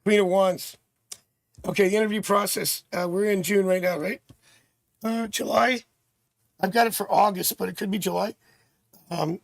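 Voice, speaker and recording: A man from Canada hosting a live tarot stream, chatting with viewers and thinking out loud as he reads cards. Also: high-pitched, gravelly, no room sound. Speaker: tarot reader and livestream host.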